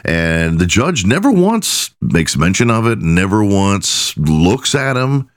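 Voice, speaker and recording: A man's voice: lowish voice, big pitch swings, slow, no room sound, clean studio sound. A man hosting a podcast, telling loose, profane stories in a casual monologue and laughing at his own jokes. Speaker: podcast host.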